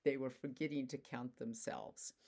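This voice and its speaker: A woman teaches in a relaxed, conversational way, with casual fillers between thoughts. Her voice sits notably low for a woman. She explains ideas through simple stories. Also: normal speed, gravelly. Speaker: spiritual teacher.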